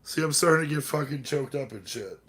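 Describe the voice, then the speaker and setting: A man's voice: on the high side, lively intonation, a little fast, a bit bright, breathy edge. A man hosting a casual live stream, rambling and swearing while chatting with viewers, a bit tipsy from drinking. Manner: rambling, profane, talks to chat and his cats. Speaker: livestream host.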